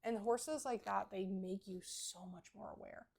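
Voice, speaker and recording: A woman co-hosts a relaxed podcast conversation about horses. Her voice carries a gravelly, fry-tinged texture. She talks in an earnest, explanatory way, handing out practical advice. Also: medium pitch, measured pace. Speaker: podcast co-host. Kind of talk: casual horse podcast chat.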